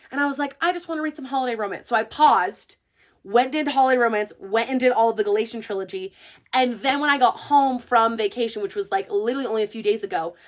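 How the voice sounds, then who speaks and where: A young woman who hosts a book channel, chatting casually and excitedly to her viewers. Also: on the high side. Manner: gushing and chatty, full of fillers. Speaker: book reviewer and channel host. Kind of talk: casual chat to camera.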